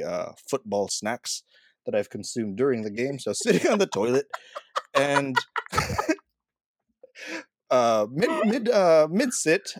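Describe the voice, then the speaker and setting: A man's voice: medium pitch, dry recording, clean studio sound. A young man co-hosting a podcast, telling a story in casual chat and laughing often. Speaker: podcast co-host.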